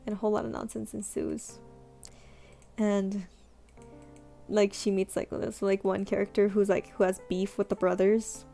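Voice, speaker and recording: With a creaky, flat, medium-pitched voice, a young woman streamer chats at a moderate pace with long pauses. She draws while rambling and putting herself down, using many fillers, and soft music plays behind her.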